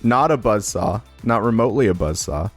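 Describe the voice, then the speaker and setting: A man hosting a casual talk show, relaxed and rambling with lots of fillers. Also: on the low side, moderate pace, soft background music. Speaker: podcast host.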